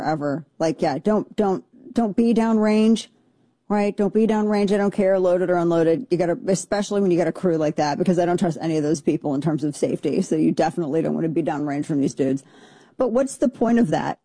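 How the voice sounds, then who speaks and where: A talk radio host, a woman, in loose on-air chat who riffs with disbelief and jokes. Her voice is mellow and warm and sits dry and close on a studio mic, with no room sound. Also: low voice, breathy edge, no room sound. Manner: incredulous, joking, repeats herself. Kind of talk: casual on-air commentary.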